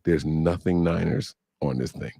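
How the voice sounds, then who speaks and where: A man's voice: extremely low pitch, moderate pace, vocal fry, warm tone, no echo, clean studio sound. A man in his thirties, co-hosting a podcast in loose, joking, slangy chat. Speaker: podcast co-host. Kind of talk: casual livestream chat.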